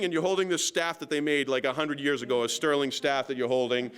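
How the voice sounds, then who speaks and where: Rambling sheriff with a smooth voice. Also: male voice, on the high side, steady tone, fast talker, few pauses. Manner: rambling, self-deprecating, lots of restarts and fillers. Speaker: county sheriff. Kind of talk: casual storytelling talk to a local meeting.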